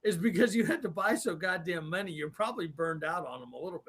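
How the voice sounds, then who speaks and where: High-voiced joking man, banter. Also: fast, a bit bright. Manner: joking, laughing banter, clears his throat often. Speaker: co-host of a live beer-tasting stream. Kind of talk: casual drinking-stream chat.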